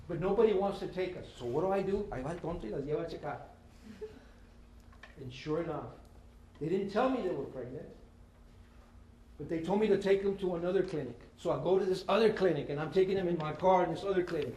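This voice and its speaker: High-voiced man in his fifties, echoey hall. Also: quick pace, pauses often, a little hiss or hum. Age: 50s. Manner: lively storytelling, mixes in Spanish phrases. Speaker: guest speaker. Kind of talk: motivational talk to students. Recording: echoey hall with faint ambience.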